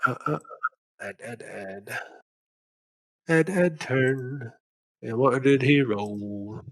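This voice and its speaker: A man's voice: medium pitch, very slow, rough recording. A man running an online tabletop game as game master, casual and swearing now and then as he handles the dice rolls. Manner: casual, swears, narrates in bursts.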